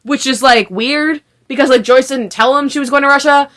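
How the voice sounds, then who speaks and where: A woman's voice: high-pitched, brisk, a bit bright. A young woman ranting in a casual vlog review, frustrated, swearing and full of fillers. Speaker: video creator.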